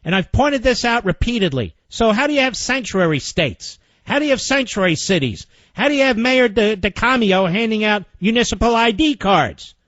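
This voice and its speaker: Animated, indignant male radio host. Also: high voice, moderate pace, no echo. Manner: sarcastic, indignant, mocking. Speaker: radio talk show host. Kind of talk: combative political radio commentary. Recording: muffled lo-fi broadcast audio.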